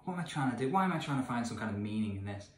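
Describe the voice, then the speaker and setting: Racing and animated at medium pitch, an English man in his thirties rants to camera in exasperated disbelief over a gamebook he's reading, alternating shouts with mumbled asides. The candlelit indoor room, away from home, is echoey and very noisy.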